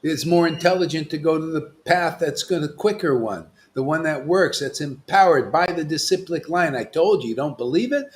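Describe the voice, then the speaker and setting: A male spiritual teacher delivering a devotional sermon with a somewhat high voice. He scolds and insists, jumping from loud, punchy declarations to low, hushed asides. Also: expressive, normal speed, few pauses. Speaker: spiritual master.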